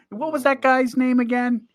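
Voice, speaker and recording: Against a noisy background, a man with a very high voice co-hosts a relaxed podcast. Speaking into a headset mic with big headphones, he tells a story and laughs often.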